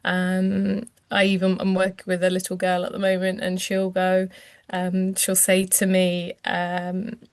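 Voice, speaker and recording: A woman's voice: fairly low pitch, completely flat delivery, measured pace, no echo. A woman, a clinician explaining language development as an interview guest, hesitant with many ums and restarts. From England.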